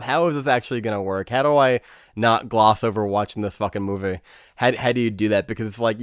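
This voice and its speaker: A man rants through a movie review in a loose, profane, sarcastic way, mocking scenes with quoted reactions. His voice is smooth and clear, at an average pitch. The sound is dry and close, with no room around it. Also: no room sound. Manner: animated, sarcastic, swears freely, mocks scenes in put-on quotes.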